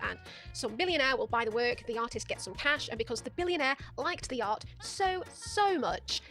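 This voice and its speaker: Fast, sardonic woman commentator. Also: high-pitched, a bit bright. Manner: sardonic, profane, mocking. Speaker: video essay host. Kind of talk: sarcastic commentary.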